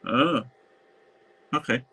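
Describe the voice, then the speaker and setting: Bright-voiced chatty male podcast host. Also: mid-range voice. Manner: chatty, quick to agree, laughs often. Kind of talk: casual podcast chat.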